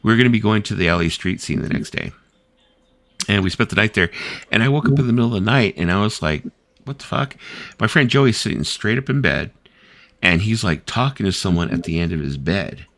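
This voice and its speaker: With no echo on the recording, a man in his fifties hosts a casual late-night chat, his fairly low, fairly bright voice expressive and fairly quick. He tells rambling stories laced with "like" and "you know" and mimics the voices of people he quotes.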